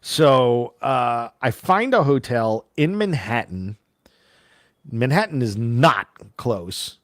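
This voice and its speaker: A man co-hosting a podcast, telling a long story in a casual, animated way and acting out the voices of the people in it. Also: mid-range voice, slow, no echo, studio quality. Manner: animated, acts out quoted voices. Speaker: podcast co-host.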